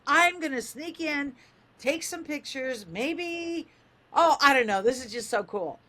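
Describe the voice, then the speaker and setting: An older woman radio host telling a funny story, lively and animated, acting out the voices in it. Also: unhurried. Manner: lively, acts out quoted voices with big pitch jumps.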